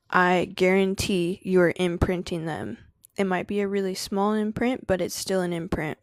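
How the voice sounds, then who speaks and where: Gravelly-voiced woman hosting a casual livestream. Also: lowish voice, a little mellow, no room sound, studio quality. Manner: slangy, laughs often, reads and answers chat; spiritual preaching tone. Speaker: livestream host. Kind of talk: casual live-stream chat.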